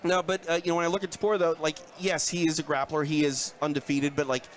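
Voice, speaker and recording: A man co-hosting a live fight preview from a studio set. His voice sits a little high, and he talks in a chatty, animated way, full of fillers and quick asides. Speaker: co-host of a fight preview show. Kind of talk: live sports talk.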